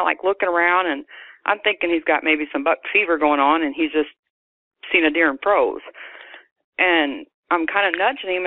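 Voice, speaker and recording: A woman's voice: sits low, no room sound. A woman calling in, telling a personal story in a rambling way, full of restarts and quoting herself. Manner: rambling, many restarts and self-quotes. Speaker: caller telling an encounter. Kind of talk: personal story on a phone call. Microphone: telephone. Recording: tinny phone line.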